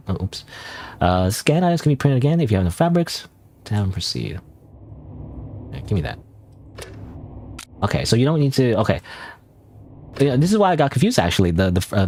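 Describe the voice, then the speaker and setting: Low, lively rambling male streamer. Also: slight background noise. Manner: rambling, hesitant, thinking aloud with many restarts. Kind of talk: casual gameplay commentary.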